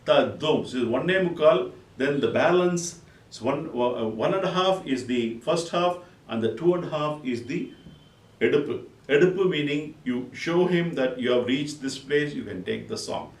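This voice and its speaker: A man giving a music lesson, counting beats aloud and reciting rhythm syllables in loud bursts between calm explanations. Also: a little high, normal speed. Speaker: music teacher. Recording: echoey room, voice from a distance.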